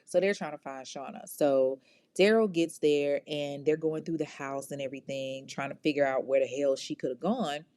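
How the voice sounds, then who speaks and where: A woman's voice: deep voice, fairly even intonation, a little fast, a little mellow, dry recording. A woman hosting a podcast, telling a true crime story in a casual, slangy, profane way, talking straight to her listeners. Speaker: podcast host.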